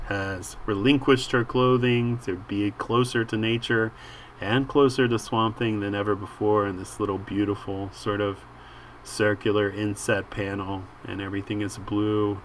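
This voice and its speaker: A man reading a comic book aloud and musing over the panels in an unhurried way, with frequent filler words. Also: lowish voice, slight background noise. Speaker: comic book reader and commentator.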